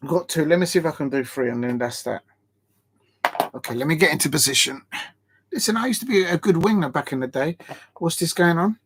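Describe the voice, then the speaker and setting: A man's voice: fairly high pitch, fairly quick, long pauses, fairly bright tone, a little hiss or hum. A man chatting on a live football watch-along stream. He rambles, laughs, and sounds tired and short of breath. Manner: chatty and rambling, laughing between tries at headers.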